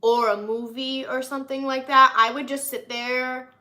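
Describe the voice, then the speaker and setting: A woman's voice: sits high, flat delivery, normal speed, bright, forceful tone. A young American woman rambling through a casual snack-tasting vlog, with many likes and ums, a little nasal from being sick. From United States. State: slightly nasal from recent illness. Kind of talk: casual chat to camera.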